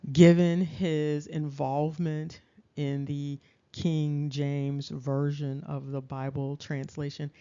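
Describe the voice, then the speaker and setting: A woman talks through a lecture at a slow, measured pace. Her voice is warm and dark in tone, and she checks in with her audience as she goes. The recording sounds dull and lo-fi. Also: sits low, flat delivery, smooth. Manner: deliberate, checks in with "okay?". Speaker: lecturer presenting slides.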